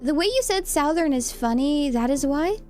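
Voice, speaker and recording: A woman's voice: high-pitched, lively intonation, moderate pace, darkish tone, faint music behind. A young woman with a Californian accent, chatting casually with her live viewers, giggly and self-deprecating. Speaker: streamer. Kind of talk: casual chat reading live comments.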